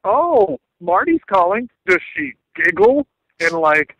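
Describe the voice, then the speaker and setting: A man's voice: sits high, very animated, slow, a bit bright, no echo, rough recording. A man from Texas calling in by phone from outside his home as a comedy correspondent, rambling and joking in a mock-aggrieved way. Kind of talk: casual phone chat. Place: outdoors at home. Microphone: phone call.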